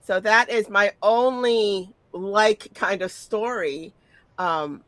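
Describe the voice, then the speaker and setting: Bright-voiced woman telling profane stories. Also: medium pitch, slow pace, dry recording. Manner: animated, profane, stumbling repetitions. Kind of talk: casual storytelling chat.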